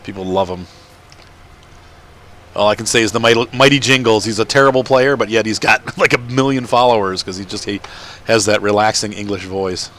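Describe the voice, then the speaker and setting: A man with a lowish voice rambles through casual gameplay commentary, laughing as he goes. He is recording at home, with faint noise in the background. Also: fairly even intonation, brisk, fairly bright tone. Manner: rambling, chatty, laughs often. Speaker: let's-play gamer.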